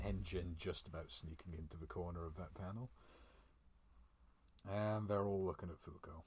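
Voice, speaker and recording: Man, very low voice, loose chatty reviewer who laughs a lot, home mic. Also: steady tone, normal speed, a little mellow, husky. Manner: chatty, chuckles often, reads dialogue aloud. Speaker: manga reviewer. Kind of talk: casual live reaction. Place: room at home. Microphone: desk mic.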